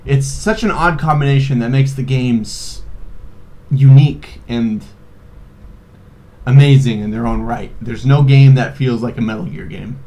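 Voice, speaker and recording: A man's voice: medium pitch, mellow. Rambling, foul-mouthed young man. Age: 20s. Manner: rambling, profane, laughing, many fillers. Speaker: video host. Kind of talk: casual comedic game recap.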